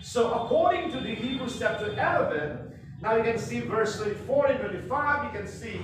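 High-voiced preacher in an echoey room. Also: male voice, expressive, fairly bright tone. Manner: emphatic, peppers speech with amen and hallelujah; reads scripture verses slowly and deliberately. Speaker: Bible teacher and pastor. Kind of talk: preachy Bible class lecture. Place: classroom. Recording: echoey room from far off, faint noise.

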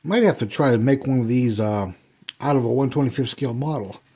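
A man in his fifties at home, talking through an unboxing of die-cast cars in a relaxed, rambling way, with plenty of ums and uhs. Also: medium pitch, a little fast, breathy edge. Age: 50s. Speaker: die-cast car collector and customizer. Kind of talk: casual unboxing vlog. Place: indoors at home.

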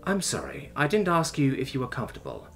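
A man voicing a calm, patient male interrogator who questions mildly and evenly. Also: medium pitch, fairly quick, soft background music. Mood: calm probing. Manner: mild, even, coaxing questioning.

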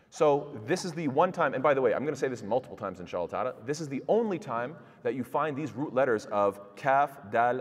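Man, quick-paced Quran lecture, rhetorical questions, reverberant mosque hall. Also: mid-range voice. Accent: recites Arabic verses in classical pronunciation. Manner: explains with rhetorical questions to the audience. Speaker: Quran teacher. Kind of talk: tafsir lecture.

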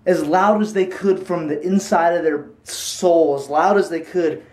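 A man vlogging casually into a handheld camera, excitable and rambling, quick to laugh. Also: a little high, breathy edge. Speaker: YouTube prank vlogger.

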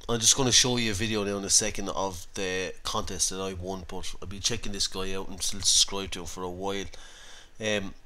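A young Irish man giving a casual vlog shout-out in a laid-back, hesitant way, with frequent ums. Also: fairly low pitch. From Ireland. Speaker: YouTuber.

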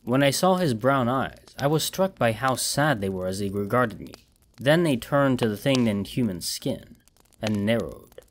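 A man narrating a horror audiobook in a measured, dramatic storytelling manner. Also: medium pitch, animated, slight background noise.

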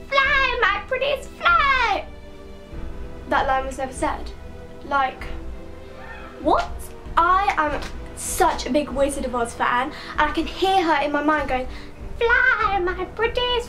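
A woman's voice: high voice, a bit bright. A young woman chatting casually to camera as a vlogger, emphatic and full of "like". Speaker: YouTuber. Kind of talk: casual vlog chat.

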